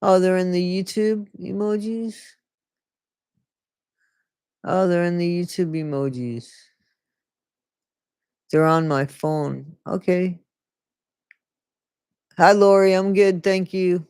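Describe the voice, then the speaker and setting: A livestream host speaks in plain, casual commentary that is blunt and openly scornful, with frequent swearing. Asides to the live chat fill the breaks. The sound is close and dry, at a mid pitch. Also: steady tone, slow pace, pauses often, darkish tone, clean tone, dry recording.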